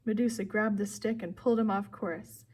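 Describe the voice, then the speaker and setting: A woman narrating a first-person storybook chapter in a steady, clear voice. Her reading is expressive but even, with a middling pitch. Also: normal speed. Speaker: audiobook reader.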